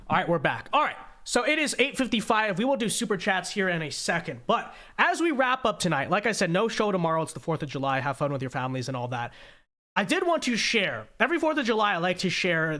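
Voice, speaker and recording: Stuffy-nosed guy with a high voice, ranting on his stream, sarcastic and repeating himself. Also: fairly bright tone. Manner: emphatic, repetitive, sarcastic. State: congested. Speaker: host of a political livestream. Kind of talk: ranting political commentary.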